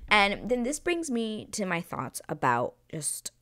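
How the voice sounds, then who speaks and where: A woman hosting her own channel, chatting casually as she retells a reality show episode, quoting people in an animated way. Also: medium pitch, measured pace. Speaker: reaction channel host.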